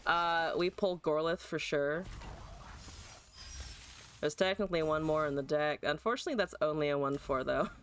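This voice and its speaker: This woman's voice sits low, moving at a moderate pace with long pauses. She livestreams a card game, narrating her moves, swearing and venting in exasperation at her opponent, chatty and quick to laugh.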